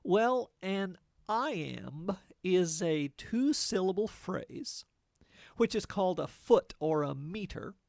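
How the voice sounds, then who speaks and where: A man lecturing like a teacher, slow and measured, his voice carrying a gravelly, creaky edge. He explains things step by step in a plain-spoken way and drops in the odd folksy aside. The sound is close and dry, with no room around it. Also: sits high, dry recording. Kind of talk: lecture explaining poetic form.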